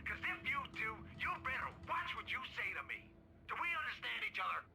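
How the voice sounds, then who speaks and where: A gravelly phone kidnapper. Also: male voice, extremely high pitch, very animated, brisk, over music, heavily acted, low-quality recording. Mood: threatening. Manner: threatening, gravelly. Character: menacing male kidnapper on the phone. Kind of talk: video game voice acting.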